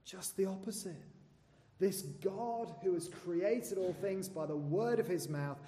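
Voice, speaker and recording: A man's voice: high-pitched, measured pace. Earnest man preaching in a reverberant hall. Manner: earnest, asks the listeners rhetorical questions; swings between soft, dropped phrases and loud, emphatic ones. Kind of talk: sermon. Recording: long reverb of a large hall.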